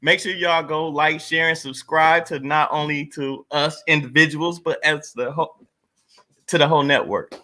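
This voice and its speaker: A man's voice: a little high, fairly even intonation, normal speed, pushed and bright. A man hosting a casual live-streamed podcast, laid-back, often stumbling and repeating words. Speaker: podcast host. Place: home studio, live stream. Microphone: webcam or desk mic on a video stream.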